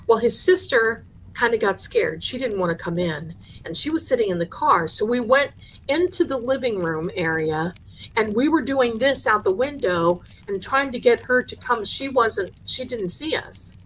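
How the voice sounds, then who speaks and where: A woman hosting a live show, telling a haunted house story with lively energy and acting out the people in it. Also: on the high side, normal speed, slightly rough. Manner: animated, acts out the people in her story. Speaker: host.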